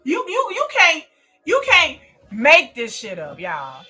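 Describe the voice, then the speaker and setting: A woman with a high, bright voice rants on a live reaction stream. She swears nonstop and hammers lines home by repeating them. Her pitch swings wildly, and she keeps cracking up mid-rant. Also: wildly swooping pitch, slow, soft background music. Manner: swears constantly, breaks into laughter, repeats lines for emphasis. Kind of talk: profane comedic rant.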